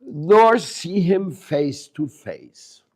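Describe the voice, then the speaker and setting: Speaking very slowly with lively intonation, a man whose voice is a little high teaches a spiritual lesson to a live group. The devotional lecture takes place in a room with a small audience, and he asks questions, jokes and stresses key words.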